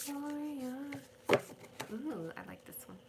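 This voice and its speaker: A woman's voice: sits high, lively intonation, takes it slowly, very noisy. A middle-aged woman giving a chatty, rambling tarot reading on a live stream from home. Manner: chatty, rambling, sings names, talks to her cat. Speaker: tarot reader.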